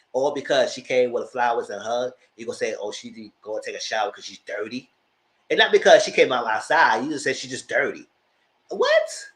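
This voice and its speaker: A man giving a chatty, animated recap of a TV show, talking straight to his viewers. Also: mid-range voice. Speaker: vlogger recapping a reality show. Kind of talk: casual commentary. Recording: roomy echo.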